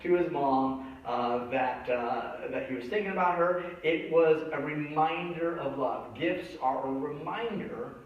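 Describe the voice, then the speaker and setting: A man's voice: on the high side, a little slow, few pauses. A man preaching a sermon, telling a childhood story and acting out the voices in it. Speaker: pastor. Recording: echoey church hall from a distance, dull sound.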